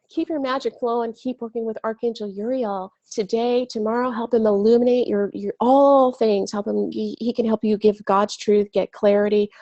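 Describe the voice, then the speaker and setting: A woman with a cold hosts a spiritual webinar in loose, chatty talk. Her voice is gravelly and mellow, and she gushes through plenty of fillers and the odd swear word. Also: medium pitch. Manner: gushing, chatty, swears casually, many fillers. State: has a cold. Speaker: spiritual coach hosting a webinar. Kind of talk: casual live webinar talk.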